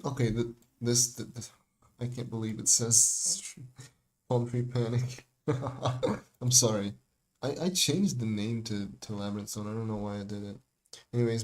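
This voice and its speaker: An expressive, slightly mellow mid-range male voice moves at a measured pace with long pauses. The young music producer casually rambles on a livestream about his own remix, using lots of fillers, restarting sentences and laughing, as faint music plays.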